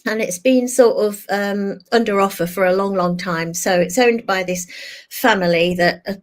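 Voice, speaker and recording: An older woman, a guest on a talk show, telling a candid personal story over a video call and acting out her own past thoughts in animated quoted asides. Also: mid-range voice, normal speed.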